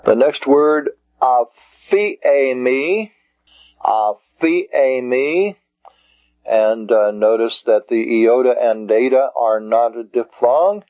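Slow, deliberate male Greek teacher. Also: lowish voice, dark tone, dry recording. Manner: slow and deliberate, sounding out syllables. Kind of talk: classroom lecture. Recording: dull lo-fi recording.

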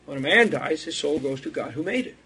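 A man's voice: fairly high pitch, animated, fairly quick, pushed and bright, slight background noise. A man giving an unscripted theology lecture, rambling and digressive, chuckling at his own asides.

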